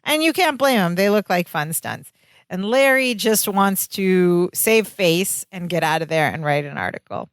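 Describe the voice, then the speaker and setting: Woman in animated podcast chat, dry sound. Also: moderate pace, no echo. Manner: animated retelling, acting out quotes in higher voices. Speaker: podcast co-host. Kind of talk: casual chat recapping a sitcom episode.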